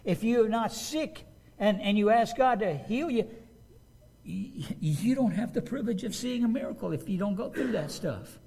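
A man preaching a sermon as a pastor, in a conversational, animated way, often acting out quotes. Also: high-pitched, normal speed, creaky, husky.

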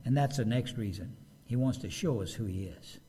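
A man preaching a sermon as a pastor, in a conversational, animated way, often acting out quotes. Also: mid-range voice, moderate pace, breathy edge.

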